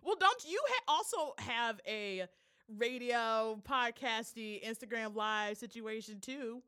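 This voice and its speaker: A woman's voice: on the high side, animated, takes it slowly, bright, forceful tone, clean tone. A woman from Michigan hosting a casual podcast, bubbly and playful, laughing often. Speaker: podcast host. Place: Chicago.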